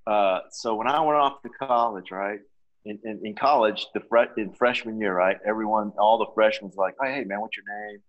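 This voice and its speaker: A man's voice: fairly low pitch, a little fast. A man chatting as a podcast guest, telling easygoing anecdotes. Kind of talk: casual chat. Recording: dull lo-fi recording.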